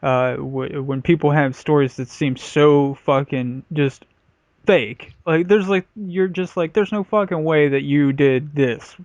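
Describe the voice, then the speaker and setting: Brief: male podcast host, fairly high voice, crude and rambling, dry dull lo-fi mic. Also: measured pace, a little mellow, no room sound. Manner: crude, rambling, swears freely. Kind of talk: casual comedy podcast chat.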